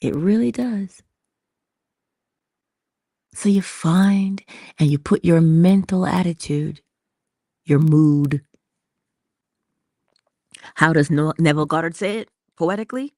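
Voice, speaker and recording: A woman hosting an inspirational livestream, talking slowly and intimately, dropping into whispers at times and greeting viewers in the chat. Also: fairly low pitch, darkish tone, no echo, studio quality. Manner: slow, intimate, drops into whispers. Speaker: motivational livestream host.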